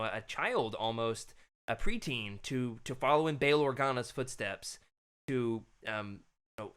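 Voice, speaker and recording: A man's voice: mid-range voice, a bit bright, clean tone. A man co-hosting a podcast in casual chat, talking with enthusiasm and reading live chat comments aloud. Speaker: podcast co-host.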